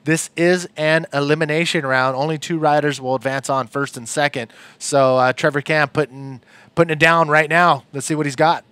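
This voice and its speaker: A man's voice: a little high, steady tone, moderate pace, fairly bright tone, smooth, dry recording. An upbeat man hosting live sports commentary, leading the broadcast and laughing easily with his co-commentator. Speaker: play-by-play host.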